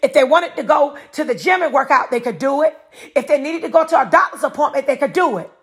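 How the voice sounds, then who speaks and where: A woman's voice: sits high, lively intonation, quick pace. A middle-aged woman hosting her own podcast, talking in a preachy monologue and answering her own rhetorical questions again and again. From North Carolina, USA. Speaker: podcast host.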